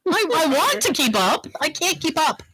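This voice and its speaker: A woman co-hosting a podcast in casual chat, chatty and quick to laugh. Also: high voice, very noisy. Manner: animated, laughs often, chatty. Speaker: podcast co-host.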